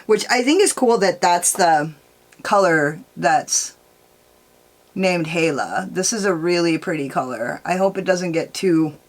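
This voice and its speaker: A woman makeup vlogger telling a rambling, profane story while doing her makeup, peppering her talk with "like" and "dude". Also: low-pitched.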